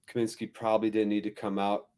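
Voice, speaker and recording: A man's voice: fairly low pitch, warm tone, smooth. A man hosting a live football watchalong, giving wry, self-deprecating commentary on the match. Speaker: watchalong host.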